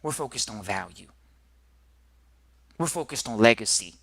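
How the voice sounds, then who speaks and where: A man's voice: medium pitch, lively intonation, moderate pace, vocal fry, crowd noise. A man hosting a podcast, lecturing in an emphatic, repetitive way. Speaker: podcast host, trust educator. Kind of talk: preachy podcast monologue.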